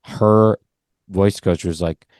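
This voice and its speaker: Low new york guy rambling on a podcast, dry sound. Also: takes it slowly, no echo. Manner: rambling, animated storytelling with many fillers. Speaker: podcast co-host. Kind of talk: casual chat.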